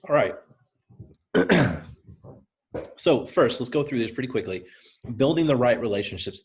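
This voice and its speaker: Energetic man with a Southern drawl. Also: mid-range voice, unhurried, long pauses. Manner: energetic, conversational, coaching; direct, repeats points for emphasis. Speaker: presenter. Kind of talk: motivational training talk.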